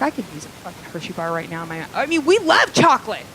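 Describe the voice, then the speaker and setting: A woman's voice: mid-range voice, sing-song, fast talker, hardly any pauses, fairly bright tone, poor audio. Woman doing crude rambly standup in a small club, mid voice, bit of hiss. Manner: crude, rambling storytelling with fillers. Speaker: stand-up comedian. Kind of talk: stand-up comedy set. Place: small live comedy club.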